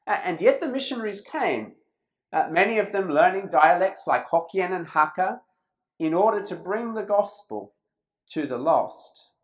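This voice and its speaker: Animated preacher with a lively voice. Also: medium pitch, poor audio. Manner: emphatic, slows down on key phrases. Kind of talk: sermon. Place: church.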